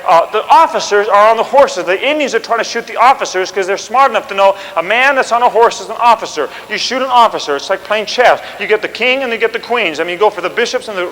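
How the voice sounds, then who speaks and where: A man telling history as an oral story, animated and chatty, with asides and restarts. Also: high voice, in a large hall, slight background noise, poor audio.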